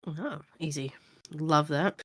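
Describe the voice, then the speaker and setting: A woman's voice: deep voice, slow pace, a bit bright, slight background noise. A woman narrating a tabletop game as game master, in a casual, rambling way.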